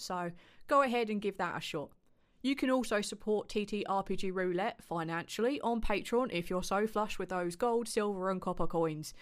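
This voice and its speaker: A woman hosting a podcast, reading the outro in a casual, playful, chatty way with quick asides. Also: medium pitch, smooth. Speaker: podcast host.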